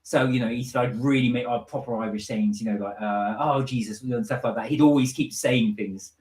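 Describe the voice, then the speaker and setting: A man's voice: medium pitch, fairly even intonation, fairly quick, darkish tone, echoey room. A man co-hosting a casual live stream, reading viewer comments aloud and joking about them. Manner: chatty, jokey, reads out comments and riffs on them.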